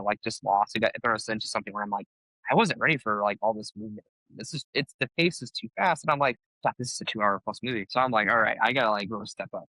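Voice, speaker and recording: A man with a low but bright, forceful voice talks through a film on a review podcast. He weighs it thoughtfully and admits his own reactions openly. The sound is dry and close. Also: no echo, poor audio. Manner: thoughtful, admiring, candid about his reactions. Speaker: podcast co-host. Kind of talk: casual film review chat.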